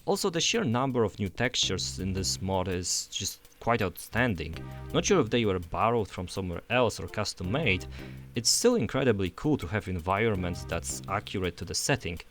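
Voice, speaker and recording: A man's voice: fairly low pitch, expressive, moderate pace, a bit bright, faint music behind. A young man narrating a scripted game review voice-over in an enthusiastic, conversational way.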